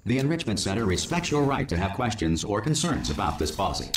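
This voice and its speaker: A man voicing a calm male facility announcer in a video game, formal and deadpan. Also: on the low side, fast. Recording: echoey with background noise.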